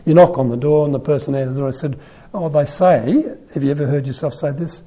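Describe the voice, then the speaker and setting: A man giving a conversational sermon, retelling a Gospel story in an animated, storytelling way. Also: medium pitch, racing.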